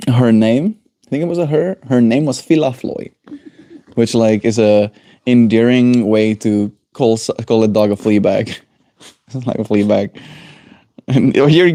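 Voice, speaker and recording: A man hosting a daily livestream, chatting in a relaxed, rambling way and chuckling to himself. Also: mid-range voice, a little slow, dry recording. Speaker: livestream host. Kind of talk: casual chat.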